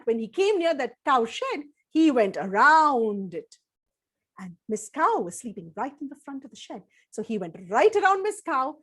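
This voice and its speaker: A woman with a high, bright voice tells a children's story live. She is animated and expressive, asking her listeners questions and pausing for effect. Her delivery is warm in tempo and playful in tone. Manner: animated, addresses listeners directly, dramatic pauses.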